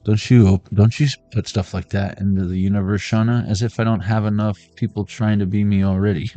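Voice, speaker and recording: A man's voice: lowish voice, little pitch movement, brisk, mellow, no echo, faint music behind. A middle-aged man giving a casual, joking card reading to his viewers, riffing on pop-culture references as he goes. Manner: playful, riffing jokes and pop-culture asides. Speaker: card reader streaming to viewers.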